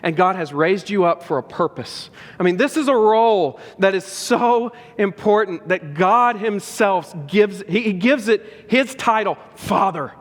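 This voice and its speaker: A man's voice: high-pitched, lively intonation, a little slow, hardly any pauses. A man pastor preaching a sermon with earnest, emphatic repetition. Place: church sanctuary. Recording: long reverb of a large church hall.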